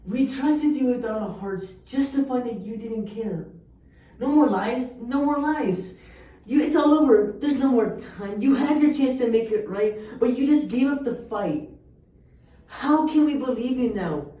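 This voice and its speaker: A woman's voice: a little high, animated, unhurried, dark tone. A young woman reciting poems earnestly, with emphatic delivery. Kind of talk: poetry recitation. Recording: echoey, distant, muffled room recording.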